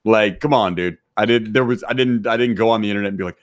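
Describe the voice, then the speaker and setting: A man's voice: fairly low pitch, fast talker. A man talking as a podcast guest, brash and crude, swearing constantly while answering chat messages. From Texas. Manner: profane, brash, laughing. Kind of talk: crude casual chat reading live chat.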